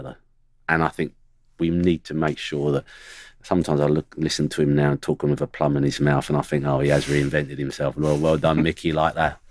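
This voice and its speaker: This ex-footballer, a middle-aged man with a very deep, slightly mellow voice, swaps blunt anecdotes about old teammates on a studio podcast, doing impressions of them as he goes. The audio is dry.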